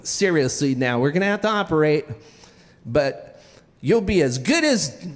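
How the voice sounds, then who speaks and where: A man doing a deadpan joking ER doctor. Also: a little high, a little slow, voice pushed down. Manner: deadpan, teasing.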